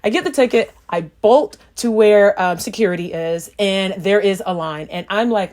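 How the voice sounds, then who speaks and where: A woman's voice: mid-range voice, animated, normal speed, hardly any pauses, a little mellow. A young woman, a flight attendant, telling a travel story in a casual vlog, acting out her own lines and using lots of fillers.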